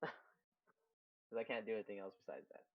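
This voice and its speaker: A man's voice: fairly low pitch, normal speed. Easygoing man on a dull mic. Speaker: player.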